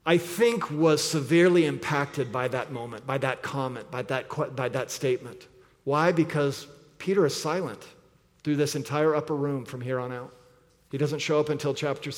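Earnest preaching man in a reverberant hall. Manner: earnest preaching, drops low and quiet for emphasis. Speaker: pastor. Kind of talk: sermon.

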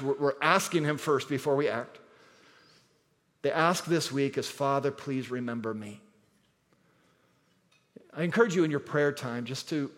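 Brief: male pastor, fairly high voice, emphatic sermon delivery, long hall echo. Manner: emphatic, repeats key words, shifts between loud and soft.

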